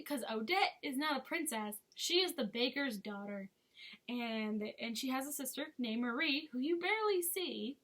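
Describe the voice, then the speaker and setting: A woman's voice: high-pitched, a bit bright. A woman chatting casually as a movie reviewer, with frequent giggles and sarcastic asides. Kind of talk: casual chat.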